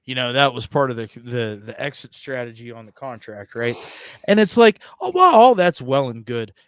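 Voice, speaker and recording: A man's voice: mid-range voice, sing-song, normal speed, smooth. A man co-hosting a casual wrestling podcast, making his points emphatically and swearing freely. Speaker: podcast co-host.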